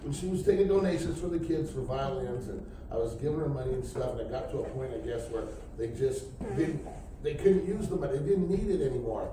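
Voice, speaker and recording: A man's voice: medium pitch, animated, brisk, dark tone. A middle-aged man giving a spoken testimony at a night church service, telling his story loosely and acting out what people said. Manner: rambling storyteller who acts out quoted speech. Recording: echoey church hall from far off, faint hiss.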